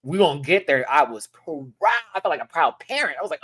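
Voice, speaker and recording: A reviewer in a casual live review, talking animatedly with sassy asides and sudden high-pitched exclamations. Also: very animated, fairly quick, few pauses, fairly bright tone, husky. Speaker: show reviewer.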